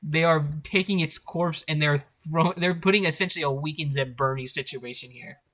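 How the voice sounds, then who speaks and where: A young man co-hosting a podcast, chatting casually in an animated way, swearing and laughing often. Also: a little high, a little fast. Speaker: podcast co-host. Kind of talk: casual chat.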